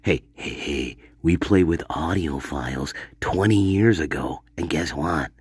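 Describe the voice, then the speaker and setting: A man's voice: rumbling low, unhurried, husky, dry recording, studio quality. A man hosting a casual live stream from his room, rambling, swearing and laughing often as he talks to viewers. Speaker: channel host.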